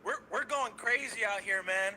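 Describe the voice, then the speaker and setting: Brash male caller, high and piercing, loud excitable rant, light line noise. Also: moderate pace, low-quality recording. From San Francisco Bay Area. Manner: loud, cocky, excitable, swearing, laughing. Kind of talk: hyped fan call-in rant.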